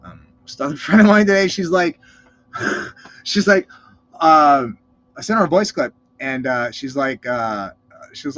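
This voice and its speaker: A man's voice: a little high, lively intonation, normal speed, a bit bright. A man hosting a casual reaction vlog, rambling and swearing constantly. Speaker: vlog host. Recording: lo-fi dull sound.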